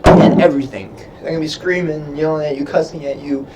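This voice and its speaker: The audio is very noisy with the highs cut off as a young sailor, speaking fairly quickly in a higher voice with fairly even intonation, answers livestream viewers' questions. He's casual and rambling, full of fillers, and keeps losing his train of thought.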